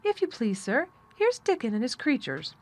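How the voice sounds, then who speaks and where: A polite young housemaid announcing a visitor with formal deference, as a woman reads her in an audiobook. Her voice sits noticeably higher than the reader's own. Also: huge pitch swings, moderate pace. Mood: deferential.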